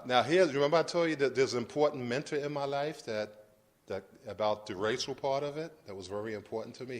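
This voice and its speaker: A man in his fifties from Brooklyn, New York, giving a lively storytelling lecture and acting out scenes for the audience. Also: mid-range voice. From Brooklyn, New York, United States. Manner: animated, acts out scenes, addresses the audience directly. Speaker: guest lecturer.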